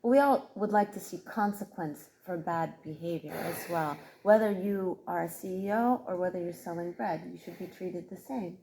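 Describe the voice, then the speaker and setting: A woman co-hosting a podcast who answers calmly and reassuringly, repeating her phrases. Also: fairly low pitch, moderate pace, vocal fry, few pauses, rough recording. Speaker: podcast co-host. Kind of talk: casual conversation.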